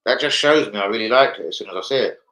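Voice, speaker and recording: A man's voice: lowish voice, quick pace, pushed and bright, low-quality recording. A young man chatting casually on a football fan livestream, rambling, swearing and reading out viewer comments. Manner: swearing, rambling, reads chat aloud. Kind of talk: casual live-stream chat.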